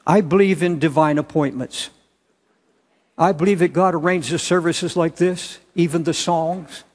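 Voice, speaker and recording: An older man preaching a sermon as pastor, earnest and halting, with repeated restarts and bursts of loud emphasis. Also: a little high, fairly even intonation. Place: large church auditorium. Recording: long hall reverb.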